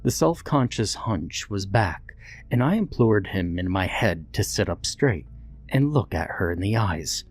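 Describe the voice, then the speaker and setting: Deep-voiced man narrating a story. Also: measured pace. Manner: reflective, steady storytelling. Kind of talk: scripted horror story narration. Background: faint background music.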